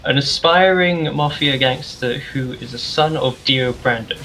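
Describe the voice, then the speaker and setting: A man's voice: medium pitch, unhurried, pushed and bright, a little hiss or hum, poor audio. A young man in casual podcast chat, making dry, teasing remarks and reading out a plot summary. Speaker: podcast co-host.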